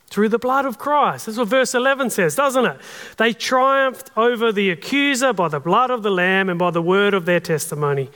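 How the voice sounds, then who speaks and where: A man's voice: high voice, normal speed, fairly bright tone. A man with an Australian accent preaching a sermon in an earnest, conversational way. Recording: long hall reverb.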